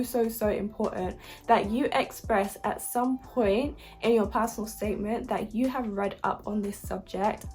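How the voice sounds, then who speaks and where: A young woman from the UK giving casual advice about university applications, chatty and upbeat with frequent fillers. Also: mid-range voice. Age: young adult. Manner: chatty and upbeat, lots of likes and ums.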